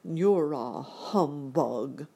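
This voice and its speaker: A sorrowful storybook scarecrow speaks in a plaintive, wailing way, as a woman reads him. The voice is low, husky and slow. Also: animated, mellow, exaggerated voice. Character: grieving male scarecrow who wants brains.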